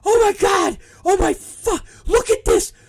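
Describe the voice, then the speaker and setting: A man's voice: unhurried, raised voice, noisy background. A man voicing a panicked, injured young woman wrestler who is frantic and shrieking. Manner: shrieking, frantic, high-pitched.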